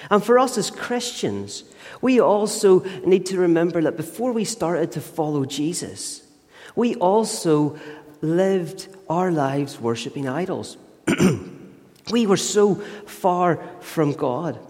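A man's voice: on the high side, animated, slow, a little mellow. A man preaching a sermon, telling a story earnestly and emphatically. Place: church. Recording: long church reverb.

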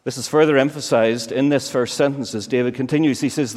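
A man's voice: medium pitch, fairly even intonation, fast, hardly any pauses, darkish tone. Man preaching with emphatic rhetorical questions. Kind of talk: sermon. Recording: long reverb of a large hall.

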